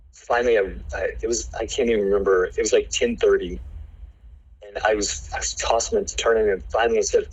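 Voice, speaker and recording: Earnest husky-voiced pastor telling his story. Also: on the low side, lo-fi sound. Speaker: pastor, guest. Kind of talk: personal testimony in conversation.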